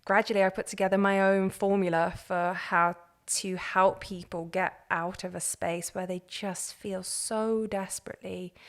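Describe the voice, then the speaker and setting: A woman, a podcast guest telling her own story in an earnest, animated way. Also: mid-range voice. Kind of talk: candid personal story.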